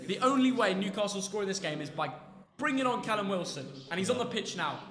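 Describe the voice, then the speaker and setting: Casting: man hosting a football stream, high teasing voice, roomy room, stadium crowd behind. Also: lively intonation, quick pace. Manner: banter, teasing, loud outbursts. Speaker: stream host. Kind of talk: live football watchalong. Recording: echoey room with crowd noise. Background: football match crowd on the telly.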